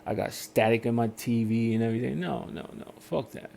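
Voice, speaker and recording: A podcast host tells his story briskly in a gravelly, medium-pitched voice over slight background noise. It's an animated, casual rant in which he performs customer service phone calls using different voices.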